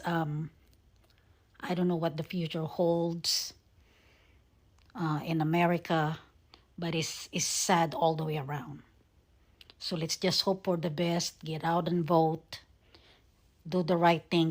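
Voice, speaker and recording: A woman talking casually to her viewers, earnest and emotional, halting often with fillers and sometimes dropping to a soft whisper. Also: low voice, little pitch movement. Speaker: vlogger. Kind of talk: casual talk to camera.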